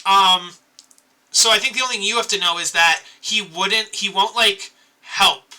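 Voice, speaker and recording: A man running an online tabletop game as game master over a voice call, animated and quick to laugh. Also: high voice.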